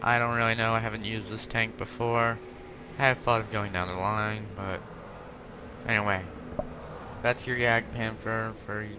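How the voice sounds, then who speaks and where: A man's voice: fairly low pitch, noisy background. A man hosting a gaming video, chatting casually and correcting himself as he shows off tanks. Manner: rambling, self-correcting, chatty. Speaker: gaming channel host. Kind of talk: casual gameplay commentary. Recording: game audio loud behind voice.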